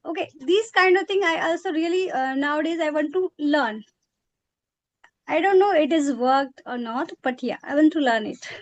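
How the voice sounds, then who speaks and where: A woman's voice: high-pitched, moderate pace, no echo. A woman, chatting in a practice conversation and hesitating often with fillers and self-corrections. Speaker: English practice partner.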